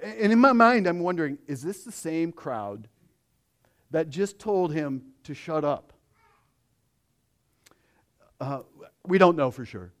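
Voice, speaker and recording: A man preaching a sermon, dropping to a hush and then rising loud, acting out the voices of the crowd. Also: a little high, sing-song, slow pace, pauses often. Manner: dramatic swings from hushed to loud.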